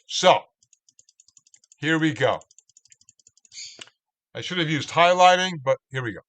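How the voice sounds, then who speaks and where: A man, a cantorial spiritual leader, teaching a Torah study online in a slow, reflective way, restarting words as he reads out translations. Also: a little high, lively intonation, a bit bright.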